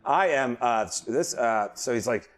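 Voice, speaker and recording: Serving as dungeon master in a tabletop game, a man narrates animatedly and gives voices to the characters, dropping to a hush for one and bursting into loud outbursts. He speaks at a medium pitch and a moderate pace.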